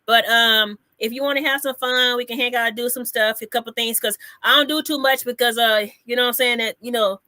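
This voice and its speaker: A woman's voice: fairly high pitch, steady tone, fairly quick, few pauses, bright, forceful tone, dry recording. A woman comedian hosting a casual live chat, brassy and teasing, repeating herself for emphasis.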